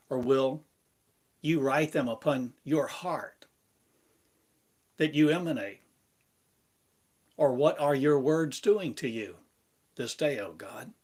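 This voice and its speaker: A man giving a meditative spiritual lesson, speaking in slow, repetitive, incantatory phrases. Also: mid-range voice. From United States. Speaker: spiritual teacher.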